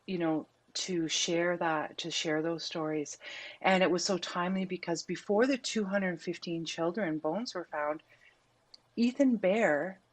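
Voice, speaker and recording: A woman on a podcast telling a story with earnest, animated delivery. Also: on the low side, measured pace. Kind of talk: podcast conversation.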